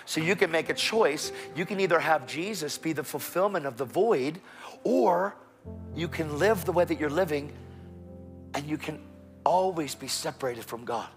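A man's voice: on the high side, normal speed, soft background music. A man with a Texan accent preaching a sermon in a church, telling stories animatedly and acting out the voices of the people in them. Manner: animated storytelling with quoted voices. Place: church sanctuary.

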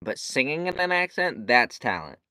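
A man's voice: mid-range voice, sing-song, moderate pace, sharp tone, clean tone, no room sound. A man co-hosting a comedy podcast, rambling and jokey with lots of fillers and restarts. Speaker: podcast co-host. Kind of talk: casual chat.

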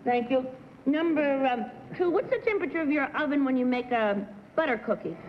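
A woman on a 1960s game show panel fires off short, crisp questions in a fairly high voice. The audio is dull and carries a hall-like reverb. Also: lively intonation, slight background noise. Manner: crisp and businesslike, quick-fire questions.

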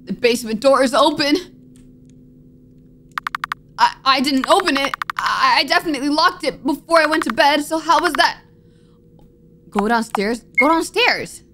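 Jumpy high-voiced woman gaming. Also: normal speed, pauses often, noisy background. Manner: jumpy, gasping, anxious self-talk. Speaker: gaming streamer. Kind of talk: horror game let's play commentary.

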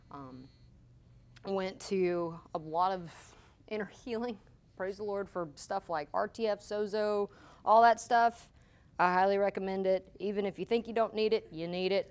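A woman worship leader in her thirties giving a candid, animated teaching talk at a church conference. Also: fairly low pitch, a little hiss or hum. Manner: candid, animated storytelling with laughs.

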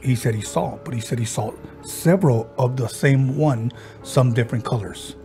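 A man hosting a podcast, casually retelling a ghost story he heard and slipping into the voices of the people in it, with halting restarts. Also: mid-range voice, dark tone, faint music behind. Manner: halting, with frequent restarts and fillers. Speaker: podcast host.

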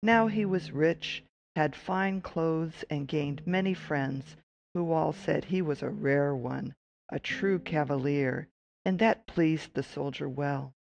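A narrator reading a classic fairy tale aloud at a measured storytelling pace. The voice sits at a middling pitch with a gravelly edge, now and then breaking into a lively exclamation. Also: highs cut off. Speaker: audiobook narrator.

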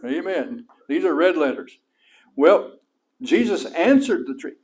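A middle-aged pastor from West Texas, talking in a slightly high voice. He preaches in a folksy, animated way and reaches up high when he stresses a point, with a West Texas accent throughout. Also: unhurried. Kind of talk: sermon.

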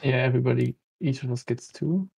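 A man's voice: medium pitch, fairly quick, vocal fry, a little mellow, breathy edge, poor audio. A man playing a board game, thinking aloud and explaining the rules to his opponent. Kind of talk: casual board game chat.

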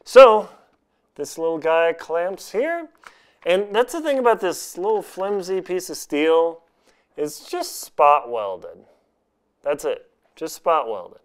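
A man's voice: a little high, very animated, takes it slowly, clear, resonant tone. A man chatting casually in an unboxing vlog from home, joking and laughing at himself as he reviews gear. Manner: chatty, self-mocking, jokes and laughs at himself.

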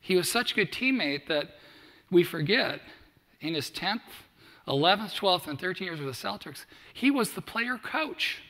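A man's voice: high-pitched, animated, moderate pace, pushed and bright. A middle-aged man giving a motivational speech to student athletes, telling stories and acting out quoted dialogue. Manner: storytelling, acts out quoted dialogue. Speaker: keynote speaker. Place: large hall at a summit. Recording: echoey hall.

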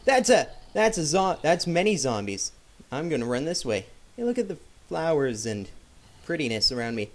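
Excitable man with lively pitch. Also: normal speed. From Canada. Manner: excitable, jokey, yelps at sudden scares. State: sick. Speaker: gameplay commentator. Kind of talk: casual gameplay commentary.

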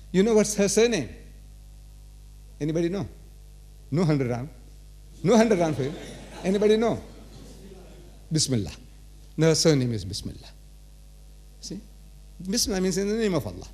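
Male lecturer, teasing and rhetorical with a live crowd, voice pitched a bit high. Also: mellow. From South Africa. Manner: rhetorical, quizzes and teases the audience. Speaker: religious lecturer. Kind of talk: religious lecture to a live audience. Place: large auditorium.

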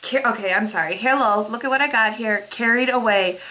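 A woman's voice: a little high, a little fast, bright, forceful tone. A young woman vlogger unboxing mail, gushing with gasps and breathless exclamations as she shows each item. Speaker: beauty vlogger.

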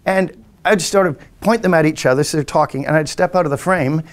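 This man talks fairly quickly in a voice on the high side. He's an English podcast host and hypnotist in his sixties, casually wandering through childhood memories and mimicking his family's voices.

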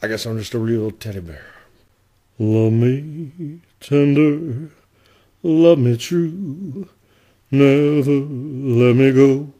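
A smooth rock-and-roll heartthrob, played by a man, crooning slow and tender. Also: mid-range voice, mellow.

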